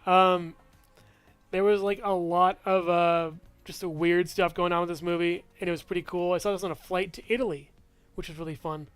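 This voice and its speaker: A man's voice: high-pitched, steady tone, normal speed, a bit bright, clear, resonant tone, soft background music. A man casually reviewing movies in a vlog, rambling, full of fillers and restarts, chuckling often.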